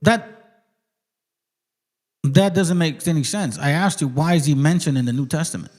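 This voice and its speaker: Brief: profane, swaggering male host, higher-pitched voice, arguing hard on a stream and reading text aloud. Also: normal speed, a little mellow. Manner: claims he talks like this without getting mad. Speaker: channel host. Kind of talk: heated livestream argument, reading passages aloud.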